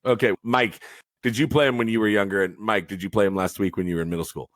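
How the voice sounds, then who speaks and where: A man's voice: lowish voice, fast talker. A middle-aged man, a teacher and football coach, telling jokey stories in casual podcast chat. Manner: animated storyteller, jokey.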